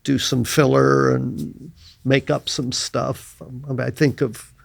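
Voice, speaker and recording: Gravelly older man, halting and thoughtful. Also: mid-range voice, level tone, dry recording. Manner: thoughtful, halting, trails off quietly. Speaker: guest actor. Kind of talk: casual podcast chat.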